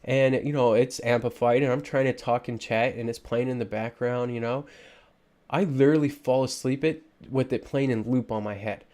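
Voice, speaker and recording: A man's voice: medium pitch, steady tone, normal speed, a little mellow. A man giving frustrated, ranting commentary over gameplay footage, with lots of fillers and restarts. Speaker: gaming YouTuber.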